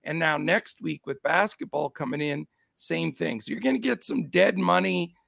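A man's voice: on the high side, moderate pace, vocal fry, dry recording, studio quality. A middle-aged man with a scratchy voice hosting a casual sports betting show, upbeat as he greets his chat. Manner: upbeat, shouts out chat names. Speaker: show host.

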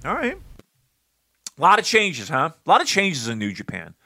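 An American man co-hosting a casual wrestling podcast, joking and teasing loudly. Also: huge pitch swings, normal speed. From United States. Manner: loud, joking and teasing, pitch leaping up and down. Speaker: podcast co-host.

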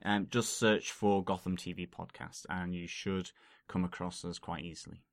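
Deep-voiced and fairly even in intonation, another podcast co-host keeps a moderate pace as he chats through the casual intro. He says um a lot and laughs easily, captured in clean studio sound with no room noise.

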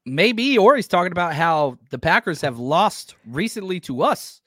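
Male podcast co-host, lively pitch, dry sound, laid-back delivery. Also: moderate pace, no room sound. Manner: relaxed, lively, reads stats and super chats. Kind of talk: casual sports podcast chat.

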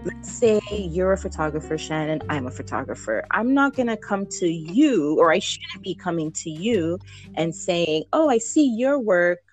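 A woman's voice: fairly low pitch, expressive, moderate pace, soft background music. A woman newborn photographer chatting in an interview, laughing easily and acting out what people say. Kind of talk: casual interview chat.

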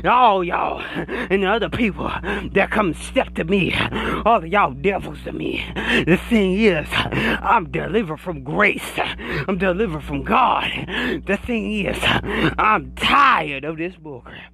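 High, gravelly man ranting like a preacher. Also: lively intonation, slow pace, pushed and bright. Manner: preachy, laughs between phrases, profane. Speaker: podcaster. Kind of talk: ranting mock sermon to camera.

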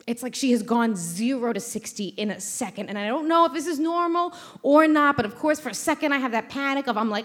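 A woman's voice: high-pitched, lively intonation, quick pace, hardly any pauses, fairly bright tone. A woman host telling a brash, profane comic story on a theater stage before a live audience.

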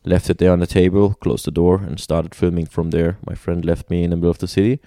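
A man's voice: low-pitched, quick pace, no room sound, clean studio sound. A man telling travel stories in casual conversation, full of restarts, fillers and laughter. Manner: animated storyteller with many restarts and laughs.

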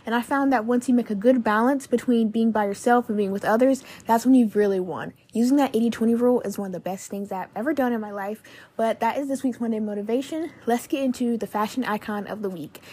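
A woman's voice: a little high, fast, mellow, husky. A woman hosting her own podcast in a gushing, upbeat chat, full of "like" and "literally" fillers. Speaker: podcast host.

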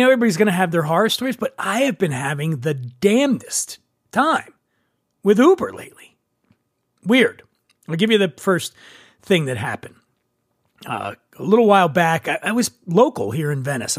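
A man casually telling a story as a podcast host, animated and acting out the dialogue. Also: no echo, clean studio sound. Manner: animated, acts out dialogue with shifting pitch. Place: brewery.

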